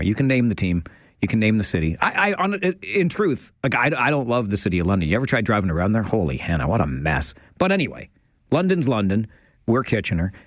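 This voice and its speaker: A man's voice: fairly low pitch, no echo, studio quality. A man hosting call-in talk radio in a chatty, enthusiastic and self-deprecating way. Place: radio studio. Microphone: studio microphone.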